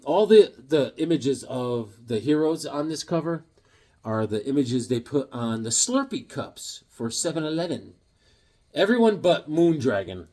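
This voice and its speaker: Husky, excitable comic collector guy. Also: mid-range voice. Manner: jokey, excitable, with sudden loud exclamations. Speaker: comic book collector showing his books. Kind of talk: casual show-and-tell vlog.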